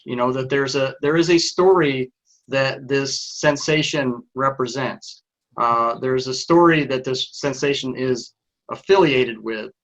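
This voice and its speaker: A man with a Texas accent, a life coach answering as an interview guest in a thoughtful, measured way. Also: mid-range voice, dull audio. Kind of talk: interview conversation.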